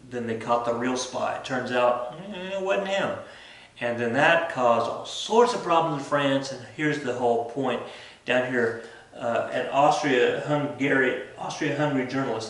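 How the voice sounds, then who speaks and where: Male teacher rambling thru a lecture, lots of um and restarts, mid pitch, echoey classroom far from mic. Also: a bit bright. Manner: rambling, frequent self-corrections and fillers.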